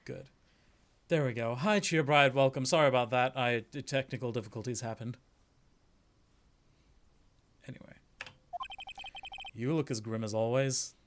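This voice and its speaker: Man streamer in a middle pitch, playful, swears a lot, jokes and does voices while playing. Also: moderate pace, long pauses, slight background noise. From New Zealand. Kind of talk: casual game stream chat.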